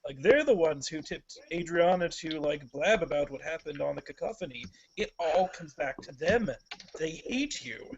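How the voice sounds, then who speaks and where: A man's voice: a little high, animated, normal speed, hardly any pauses. A man playing in a tabletop game, rambling with many fillers in a conspiratorial way. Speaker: player. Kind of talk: casual play talk. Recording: dull lo-fi recording.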